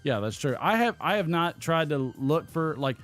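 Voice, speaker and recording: A man hosting a casual live pipe-smoking chat, telling stories and acting out quotes in a higher voice. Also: moderate pace, faint music behind. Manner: animated storyteller, acts out quotes in a higher voice. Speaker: podcast host.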